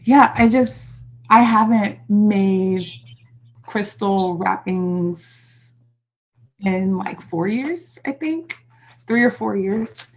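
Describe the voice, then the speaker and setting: A woman on a video call who reads her own poetry and talks about it, in an unhurried, reflective way with casual fillers. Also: mid-range voice, highs cut off. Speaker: guest poet.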